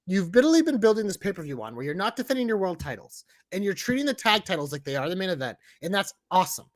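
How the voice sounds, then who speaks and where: A man's voice: high voice, sing-song, fast, no room sound. A man co-hosting a casual wrestling podcast, ranting animatedly and swearing freely. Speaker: podcast co-host.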